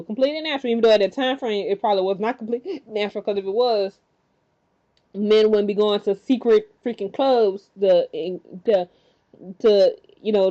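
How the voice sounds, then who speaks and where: A chatty woman talking through a TV episode in a loose, candid way, circling back with lots of "you know" and restarts. Her voice sits at a middling pitch. The recording sounds dull and lo-fi, like a simple home setup. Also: dark tone. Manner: rambling, many fillers and restarts; chatty and candid, acts out characters' lines. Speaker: TV show recap reviewer. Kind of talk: casual recap chat.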